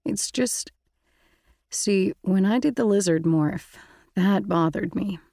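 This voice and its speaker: A woman's voice: medium pitch, slow, dark tone, no echo, clean studio sound. A woman reading an earnest teenage boy. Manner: earnest, reassuring.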